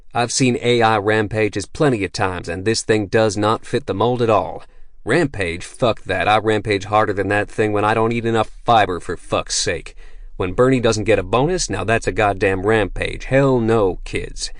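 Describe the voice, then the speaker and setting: A man voicing a crude, boisterous veteran soldier who swears constantly and talks loudly with swagger. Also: lowish voice, no room sound, studio quality, close to an everyday voice. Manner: profane, swaggering, loud.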